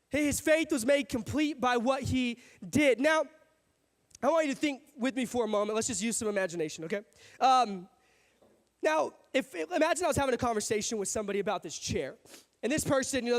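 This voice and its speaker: A young male pastor preaches with a very high voice, telling the story in a lively, animated way. The sound rings with long reverb from a large hall. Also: a little fast. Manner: storytelling, animated, acts out characters. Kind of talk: sermon.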